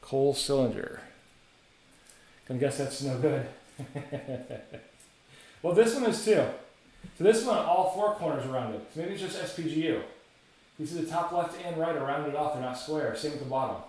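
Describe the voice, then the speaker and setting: A man's voice: fairly high pitch, animated, normal speed, long pauses, darkish tone. Male card-break host, casual rattling delivery, echoey room. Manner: casual, chatty, rattles off names. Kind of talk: live card-break commentary.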